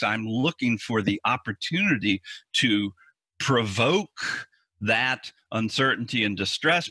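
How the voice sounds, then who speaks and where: A man's voice: fairly low pitch, pushed and bright, breathy edge, dry recording. A man talking as a therapist in a podcast interview, explaining earnestly and often restarting or repeating words. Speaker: anxiety therapist.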